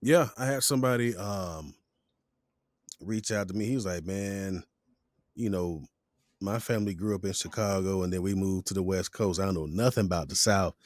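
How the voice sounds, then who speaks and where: Low-voiced relaxed male podcast host. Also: dry recording, studio quality. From Florida. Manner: relaxed, measured, sets up questions with scenarios. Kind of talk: casual podcast conversation.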